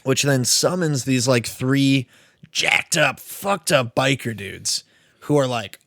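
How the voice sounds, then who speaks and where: A man's voice: medium pitch, takes it slowly, vocal fry, a bit bright, dry recording, studio quality. A young man co-hosting a podcast, chatting casually about movies in a rambling way, full of fillers and swearing. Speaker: podcast co-host.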